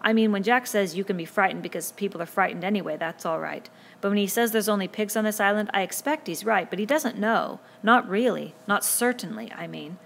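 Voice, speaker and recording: A woman's voice: mid-range voice, a little fast, vocal fry, a bit bright, slight background noise. A woman voicing a talkative schoolboy who rambles and trails off in an audiobook reading. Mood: musing. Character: chatty schoolboy, hesitant then cheerfully doubtful.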